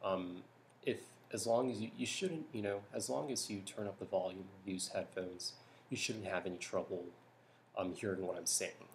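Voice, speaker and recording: A young man from California talking softly in a hushed voice at home at night for a vlog, rambling with lots of ums and restarts. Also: low-pitched, normal speed, slight background noise. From California, United States. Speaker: YouTuber. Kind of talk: soft-spoken vlog talk.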